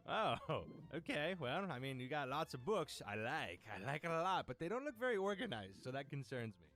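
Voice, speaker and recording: A man reading web comics aloud and reacting with giggly, animated commentary. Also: fairly high pitch, normal speed. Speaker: comic reader.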